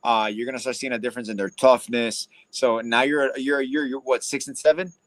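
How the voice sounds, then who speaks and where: Calm male co-host giving advice. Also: medium pitch. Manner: short agreeing replies, then measured advice. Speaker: podcast co-host. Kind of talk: casual sports chat.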